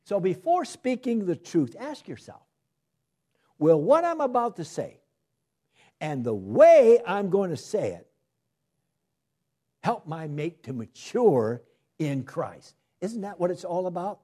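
Male preacher, lively pitch, mellow husky tone, delivers a sermon with swings between loud emphasis and soft asides. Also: takes it slowly, pauses often.

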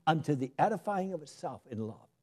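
A husky-voiced preacher speaks briskly, his pitch lively and his tone mellow, shifting between loud emphasis and hushed asides throughout the sermon.

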